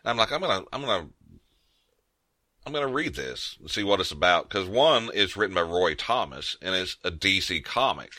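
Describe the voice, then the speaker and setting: A man's voice: low voice, expressive, brisk, hardly any pauses, bright, forceful tone, dry recording. A man co-hosting a podcast in casual chat, rambling with frequent restarts. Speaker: podcast co-host.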